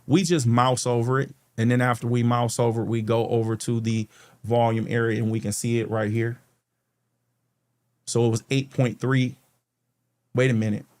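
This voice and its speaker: A man's voice: mid-range voice, a little mellow. A man hosting a stock market channel, walking viewers through charts on a shared screen in a chatty way, often checking in with "okay" and calling them "guys". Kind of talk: screen-share tutorial walkthrough.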